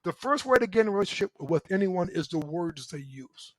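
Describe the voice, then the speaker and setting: Middle-aged man, high voice, loud and emphatic, motivational coaching talk, dry close sound. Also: expressive, brisk, no room sound, low-quality recording. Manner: loud and emphatic, keeps asking "right?". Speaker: relationship coach and show host.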